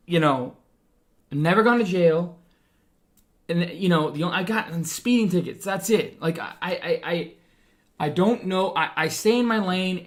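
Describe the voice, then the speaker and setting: A man's voice: fairly high pitch, a bit bright. A man who trades stocks, ranting in a heated monologue, frustrated and fired up, often repeating himself and trailing off. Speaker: day trader and stock-trading streamer.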